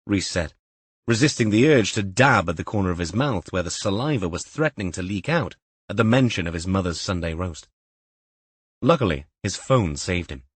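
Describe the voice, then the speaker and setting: A man narrating a crime audiobook in a measured, even way. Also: deep voice, breathy edge, no room sound. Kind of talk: scripted narration.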